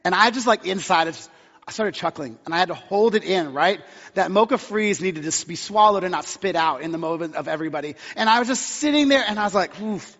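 High-voiced pastor in a reverberant hall. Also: male voice, lively intonation, fast, a bit bright. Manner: storytelling, conversational with acted-out quotes. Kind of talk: sermon. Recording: dull sound with long hall reverb.

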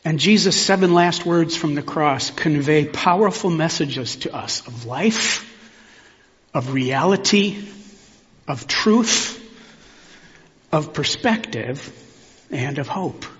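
Male pastor, sermon delivery, measured and reflective, slightly higher voice, church reverb and a dull sound. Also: lively intonation. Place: church sanctuary.

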